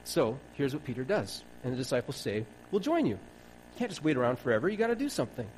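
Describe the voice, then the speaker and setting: A man's voice: mid-range voice, sing-song, fast, a little mellow, a little hiss or hum, poor audio. A man preaching a sermon in a wry, conversational way, acting out bits of dialogue.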